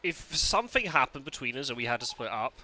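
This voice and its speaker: A man's voice: mid-range voice, very animated, fast talker, bright, forceful tone, no echo. A Scottish man streaming a game live, chatting casually with his viewers, often laughing and restarting his sentences. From Scotland.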